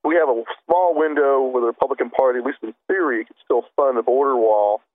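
A man's voice: mid-range voice, fairly quick, dry recording. A man appearing as a guest on talk radio, speaking in an earnest, urgent way. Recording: phone line.

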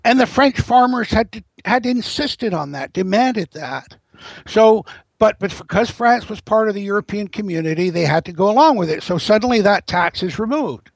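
A man with a high, gravelly voice talks as a guest in an interview, winding through long explanations and often restarting his sentences. The sound is close and dry. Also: animated, normal speed, no echo, rough recording. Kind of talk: interview commentary.

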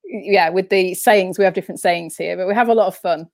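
Brisk and lowish in pitch, a woman from northern England speaks with her home accent as an interview guest. Her storytelling is rambling and chatty, with frequent restarted sentences, and the recording has no room sound.

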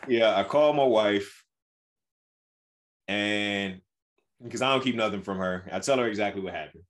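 A young man with a lowish voice co-hosts a podcast, telling a family story at a moderate pace. It's casual chat, and he plays out the dialogue in a lively, animated way.

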